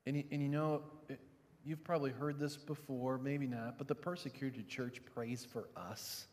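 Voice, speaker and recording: A pastor giving a sermon, dropping to quiet, low reflection and rising to loud, emphatic preaching. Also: male voice, fairly even intonation, moderate pace, big-room sound.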